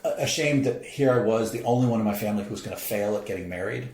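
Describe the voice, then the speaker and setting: A man's voice: on the low side, fast talker, a little mellow. A middle-aged man from St. Louis, a professor and podcast guest, telling a candid personal story with emotion and acting out quoted voices. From St. Louis, USA. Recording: roomy echoey podcast room.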